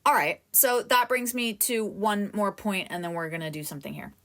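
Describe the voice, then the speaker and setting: A woman acting coach leading a live coaching session, talking straight to a student in an animated way. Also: mid-range voice, normal speed. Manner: animated, talks directly to a student.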